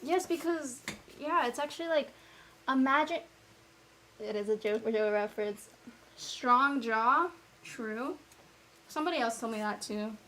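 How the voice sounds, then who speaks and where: A woman vlogger chatting casually to herself as she paints, rambling and self-mocking as she thinks out loud. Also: on the high side, measured pace, pauses often, noisy background.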